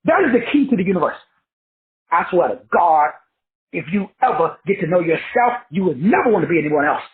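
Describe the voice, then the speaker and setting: A man's voice: high voice, expressive, fairly quick, a little hiss or hum. A middle-aged man giving a casual motivational talk as a life coach, slangy and profane, acting out the voices of people he describes. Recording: tinny phone-like sound.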